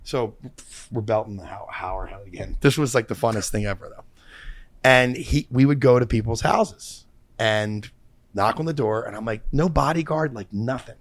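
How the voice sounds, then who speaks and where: A man's voice: mid-range voice, normal speed, no room sound. A middle-aged man hosting a casual talk show, telling stories with lots of swearing and acted-out voices. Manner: animated storyteller, swearing, acting out voices. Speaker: podcast host. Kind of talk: casual storytelling chat.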